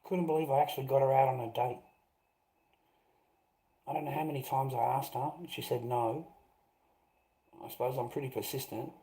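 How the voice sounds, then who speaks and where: A man's voice: medium pitch, steady tone, a little fast, pauses often, mellow, rough recording. A middle-aged Australian man telling a rambling anecdote, swearing often and filling gaps with "rah, rah".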